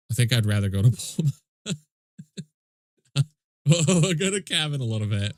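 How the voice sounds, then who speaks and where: A man's voice: medium pitch, animated, moderate pace, long pauses, no echo, clean studio sound. A man with a stuffy nose, casually commentating his game stream and chatting with viewers in a laid-back, swearing way.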